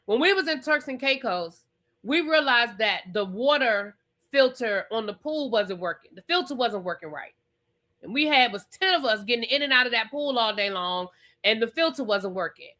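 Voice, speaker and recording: Brief: woman TV reviewer, casual recap, emphatic and repetitive, swears, fairly high, bright voice. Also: expressive, normal speed. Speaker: TV review vlogger.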